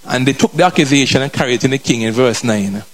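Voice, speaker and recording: A man's voice: medium pitch, fast. A male preacher giving an emphatic sermon with colloquial turns, repeating phrases and checking in with the congregation. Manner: drifts in and out of a colloquial vernacular.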